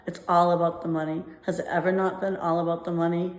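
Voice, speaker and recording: A woman's voice: lowish voice, level tone, quick pace, reverberant. A woman from the United States venting in an emotional personal rant at home, rambling, repeating phrases and laughing nervously between them. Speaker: vlogger. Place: apartment at home.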